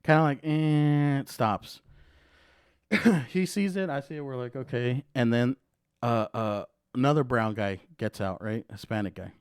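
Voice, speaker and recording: A man's voice: mid-range voice, unhurried, clear, resonant tone, no room sound, clean studio sound. A young man hosting a podcast, telling a story in a loose, profane way, full of "dude" and "bro". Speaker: podcast host. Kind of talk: casual podcast chat.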